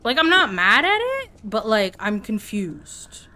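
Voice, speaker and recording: A woman streaming a game live, chatting excitably with her viewers as she plays. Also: high-pitched, normal speed. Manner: excitable, chatty, talks to chat. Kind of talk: live gameplay commentary.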